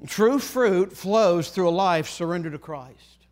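A man preaching a sermon, earnest and emphatic, repeating phrases for effect and dropping to a hush to drive points home. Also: high voice, takes it slowly. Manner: earnest, rises to emphatic pleading then drops to hushed.

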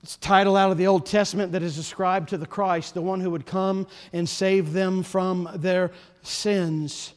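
A man preaching a sermon as pastor, passionate, his voice swelling loud and then dropping soft. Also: high-pitched, flat delivery, moderate pace, clean tone. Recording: long hall reverb.

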